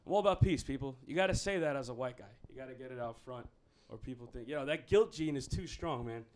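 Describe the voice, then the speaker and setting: A man's voice: mid-range voice, fast talker. Profane, rambling stand-up comic man. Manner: profane, rambling and self-mocking. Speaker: stand-up comedian. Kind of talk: stand-up comedy set.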